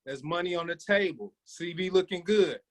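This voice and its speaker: A man's voice: sits high, moderate pace, low-quality recording. A man leading a sales training, coaching his team with energy and calling on listeners by name.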